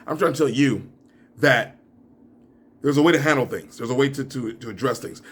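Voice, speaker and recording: A young man with a slightly husky voice talks straight to camera in a reaction video. He rants with lively swings in pitch, breaks into laughs, and then drops low into muttered asides. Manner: animated, laughing, ranting, drops into mumbles. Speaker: YouTuber.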